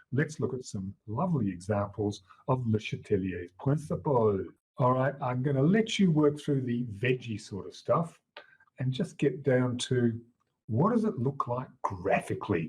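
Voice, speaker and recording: A middle-aged man with an Australian accent giving an exam-prep chemistry lecture, jokey and swooping up in pitch for emphasis. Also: slightly rough. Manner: lively, jokey teacher who swoops up for emphasis. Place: lecture room. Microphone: wearable mic.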